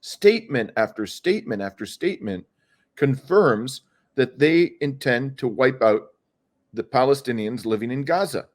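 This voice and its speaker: A man's voice: medium pitch, lively intonation, moderate pace. A middle-aged man, a lawyer and activist, giving an earnest interview answer, arguing with frequent hesitations and restarts.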